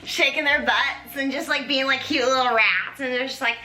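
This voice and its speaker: A woman's voice: high-pitched, moderate pace, sharp tone, faint music behind. A young woman hosting a comedic chat, rambling playfully with lots of fillers. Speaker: host. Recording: echoey room with faint noise.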